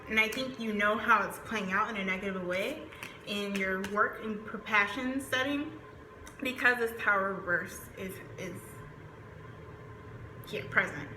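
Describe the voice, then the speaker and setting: A woman from the Southern US reads tarot in a talkative, digressive way full of fillers, her mid-range voice sharp. The recording has a roomy echo and faint background noise.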